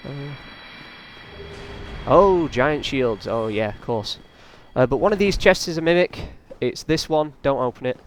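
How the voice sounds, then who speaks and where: A man's voice: medium pitch, animated, measured pace, slight background noise. A man doing casual, rambling let's play commentary, often taunting the enemies on screen. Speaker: gaming channel host.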